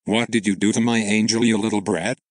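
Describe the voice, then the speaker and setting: A man's voice: on the low side, fairly even intonation, brisk, no room sound, natural voice. A man reading a story aloud and voicing a furious, insulting entitled mother. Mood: angry. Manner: screaming insults. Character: shrill entitled mother, middle-aged, furious.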